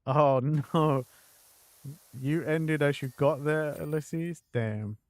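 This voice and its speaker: A man streaming a game and chatting in a slow, unhurried drawl, rambling with plenty of fillers. His voice sits at a middle pitch, dry and close to the mic. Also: no room sound. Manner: rambling, full of fillers, slips into mock accents. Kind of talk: casual chat while gaming.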